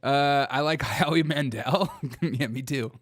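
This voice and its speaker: A man's voice: mid-range voice, slow pace, no room sound, studio quality. Laughing, mocking male comedy host. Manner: laughs often, mocking and irreverent; reads chat comments aloud. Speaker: show host. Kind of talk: comedic political commentary.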